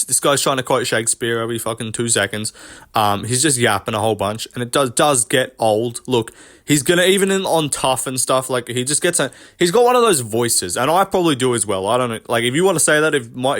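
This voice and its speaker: A man's voice: mid-range voice, fairly bright tone. A man in a casual commentary rant, rambling from point to point. He swears often and sounds dismissive of the people he talks about. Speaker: MMA commentary vlogger.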